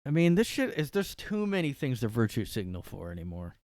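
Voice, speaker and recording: A man's voice: mid-range voice, huge pitch swings, brisk, darkish tone, no echo, studio quality. A man hosting a solo podcast from his room, rambling sarcastically and saying "like" a lot. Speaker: podcast host. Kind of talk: casual solo podcast rant. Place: his bedroom.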